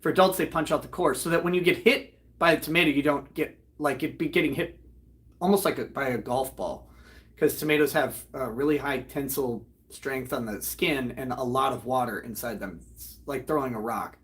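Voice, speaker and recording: A man, host of a live online show, retelling a comedy act in a loud, profane, animated way and breaking into laughter. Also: mid-range voice, fairly quick. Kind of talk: casual storytelling on a livestream.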